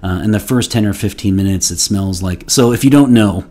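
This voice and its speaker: A man's voice: fairly low pitch, brisk, warm tone. A man hosting his own fragrance review channel, talking casually in a rambling way with playful mock outrage and many restarts. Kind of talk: casual solo product review.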